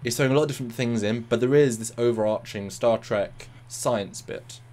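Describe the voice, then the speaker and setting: A man co-hosting a casual review chat, talking in animated bursts and repeating words. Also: medium pitch, a little fast. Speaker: co-host of a review show.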